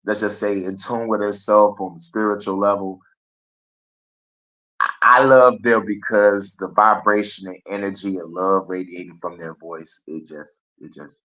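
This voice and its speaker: A man's voice: deep voice, fairly bright tone. A man hosting a live stream, rambling in a casual, profane monologue and laughing often. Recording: dull lo-fi stream audio.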